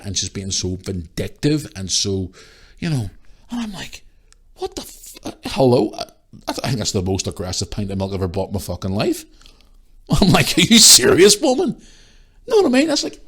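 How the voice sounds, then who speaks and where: A man hosting a podcast, ranting in a casual monologue, exasperated and swearing freely as he retells encounters. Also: mid-range voice. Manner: retells encounters with quick changes of voice. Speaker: podcast host.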